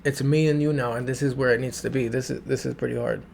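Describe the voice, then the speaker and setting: A man's voice: medium pitch, fairly even intonation, quick pace, vocal fry, a little mellow. A man reacting to and breaking down a song in a casual, enthusiastic review, often repeating himself and singing along. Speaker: music reviewer.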